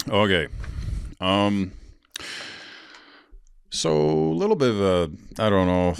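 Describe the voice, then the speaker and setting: A man's voice: on the low side, lively intonation, takes it slowly, vocal fry, pauses often, smooth, no room sound, clean studio sound. A man in his forties hosting a podcast, telling stories in a casual, rambling, candid way, with fillers and swearing. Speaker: podcast host. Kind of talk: casual storytelling monologue.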